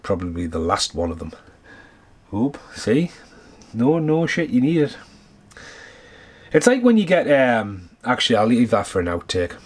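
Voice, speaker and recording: A man's voice: medium pitch, sing-song, a little slow, pauses often, a little hiss or hum. A man ranting casually and animatedly in a vlog, exasperated and swearing freely. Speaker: vlogger.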